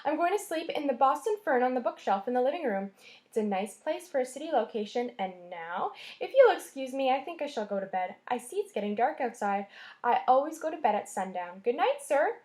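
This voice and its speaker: A gentle little hen bird from a storybook, soft-spoken, musical and courteous, as a woman reading aloud plays her. Her voice sits a little high and light. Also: very animated, fairly quick.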